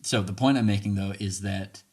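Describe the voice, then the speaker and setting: A man's voice: on the low side, steady tone, moderate pace, darkish tone. A man hosting a podcast, talking casually and earnestly as he coaches listeners, often checking in with "right?" and chuckling lightly between points. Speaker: podcast host. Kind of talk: conversational podcast monologue.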